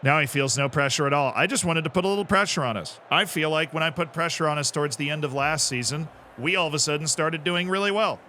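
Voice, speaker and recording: A man's voice: on the high side, fast talker, pushed and bright, slight background noise. A man streaming a football management game, chatting casually, reacting to the match and answering his chat. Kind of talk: live gameplay commentary.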